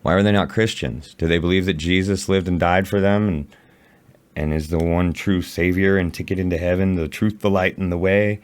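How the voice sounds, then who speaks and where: A man's voice: deep voice, fairly even intonation, moderate pace, clear, resonant tone. Blunt, profane man reacting on stream. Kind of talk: casual reaction commentary.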